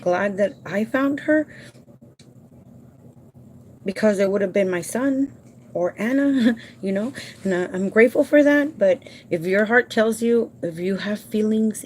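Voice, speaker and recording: A woman who works as a home care provider, talking casually and warmly to her viewers from home, emotional and halting at times. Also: medium pitch, a little hiss or hum. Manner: emotional and heartfelt, addresses viewers as "you guys"; halting with repeated restarts when upset.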